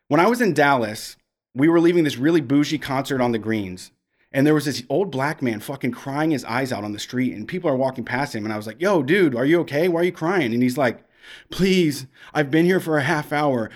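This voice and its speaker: A man telling long personal stories on a podcast, frank and profane, rambling with restarts. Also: mid-range voice. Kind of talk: casual storytelling.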